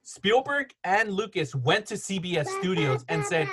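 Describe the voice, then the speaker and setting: A man's voice: high-pitched, very animated, noisy background. Rambling man telling film stories. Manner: rambling, storytelling with quick laughs. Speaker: podcast host. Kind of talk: casual chat. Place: home.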